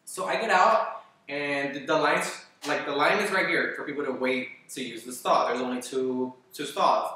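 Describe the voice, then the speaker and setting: A man with a raised, bright and forceful voice rambles through an animated story, filling it with "like" and curses. He sits well back from the mic in a very echoey room, so the sound rings and feels distant. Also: a little high, normal speed. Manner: rambling and animated, heavy "like" and swearing. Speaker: vlogger. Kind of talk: casual storytelling Q&A.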